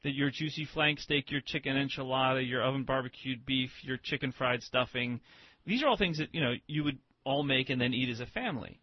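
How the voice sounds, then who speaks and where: A man's voice: mid-range voice, brisk, muffled recording, a little hiss or hum. A man hosting a radio talk show, joking with his guest and then asking thoughtful questions. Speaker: radio host.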